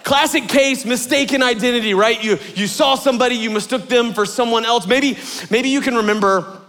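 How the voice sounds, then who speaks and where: A young adult man, a lead pastor, preaching a sermon as an animated storyteller who acts out quotes in a high voice. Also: a little fast. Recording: long hall reverb.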